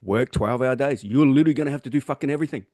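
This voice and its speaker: A man's voice: mid-range voice, rapid-fire, mellow, dry recording. A man co-hosting a podcast and talking as a gym trainer in casual motivational chat, blunt, emphatic and full of swearing. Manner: blunt, heavily profane, emphatic.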